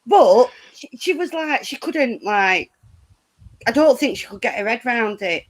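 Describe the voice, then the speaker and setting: A woman's voice: a little high, animated, a little slow. A middle-aged woman, chatting casually, blunt and laughing through her stories. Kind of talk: casual chat, storytelling.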